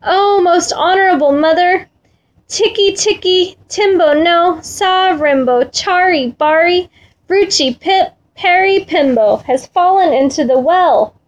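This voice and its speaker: A woman's voice: extremely high pitch, takes it slowly, voice pushed up, poor audio. A woman voicing a frantic little boy in a storybook, breathless and pleading as he stumbles over a long name.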